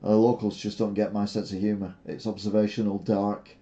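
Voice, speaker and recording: An older man chats on his live stream in a very dark, mellow voice. He rambles and stalls on filler sounds, and his humour stays dry and sarcastic. The sound is dull and lo-fi, like stream audio. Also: on the low side, flat delivery, brisk. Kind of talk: casual live stream chat.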